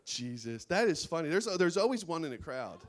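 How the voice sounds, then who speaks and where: A man's voice: on the high side, very animated, fairly quick. A man doing a stand-up comedy set on a small studio stage before a live audience, laughing at his own jokes.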